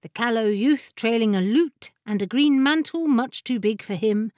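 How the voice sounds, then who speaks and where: A woman's voice: a little high, no echo. Woman narrating an audiobook, dry close sound. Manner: measured, expressive storytelling. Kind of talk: scripted narration.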